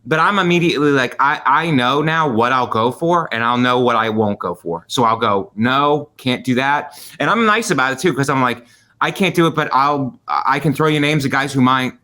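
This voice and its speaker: A man on a comedy podcast, chatting in a relaxed, even way. He lays out his thinking step by step and teases his co-host now and then. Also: mid-range voice, normal speed. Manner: laid-back, explains step by step, playful teasing. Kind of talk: casual conversational chat.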